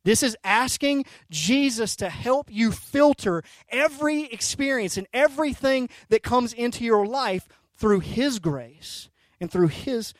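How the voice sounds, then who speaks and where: A pastor in his thirties, with a voice that sits high, preaches a sermon full of animated stories that swing between soft and loud. He keeps checking in with "right?" and "okay?", and the recording has no room sound.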